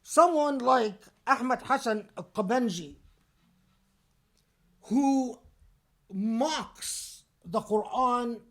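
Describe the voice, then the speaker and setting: A man preaching a Friday sermon in a deliberate, emphatic and pointed way. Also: very high-pitched, a bit bright.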